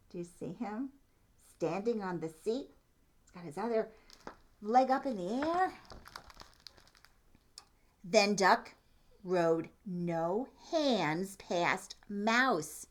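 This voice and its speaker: A woman's voice: medium pitch, expressive, measured pace. A woman reading a children's picture book aloud, asking the listener questions about the pictures as she goes. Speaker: storytime reader.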